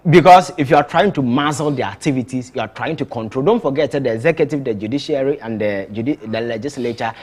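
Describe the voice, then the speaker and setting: A man's voice: medium pitch, quick pace, hardly any pauses, a little mellow. A man with a Ghanaian accent giving emphatic political commentary on a talk show, often restarting and repeating words. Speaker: political analyst.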